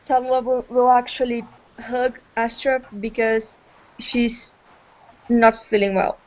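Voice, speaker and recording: A woman narrating her character's actions in a tabletop game, pausing as she goes. She speaks slowly, with a flat, even pitch, and the recording sounds dull and lo-fi. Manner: halting, hesitant. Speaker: player. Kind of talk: tabletop role-play narration. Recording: muffled lo-fi.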